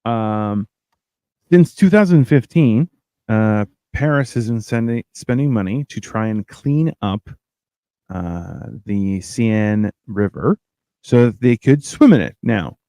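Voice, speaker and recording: A man's voice: lowish voice, expressive, slow pace, warm tone, smooth, dry recording. A man hosting a podcast, chatting casually in a rambling, joking, self-mocking way. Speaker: podcast host. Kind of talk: casual comedic chat.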